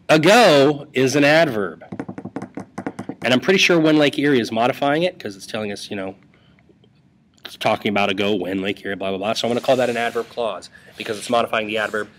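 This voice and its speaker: A man's voice: medium pitch, slight background noise. A male English teacher giving a casual, joking lesson to students over a screen recording. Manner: playful and jokey, talking to students.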